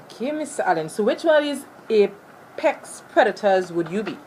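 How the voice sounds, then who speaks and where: A woman's voice: mid-range voice, sing-song, normal speed, darkish tone, slight background noise. A woman interviewing for a school project, reading out set questions.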